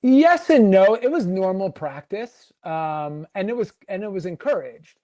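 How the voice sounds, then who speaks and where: A man's voice: sits high, expressive, measured pace, warm tone, no echo. A man as a podcast guest, telling a long backstage story in a rambling, filler-heavy way and acting out what others said. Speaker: podcast guest, former wrestling writer. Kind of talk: casual storytelling interview.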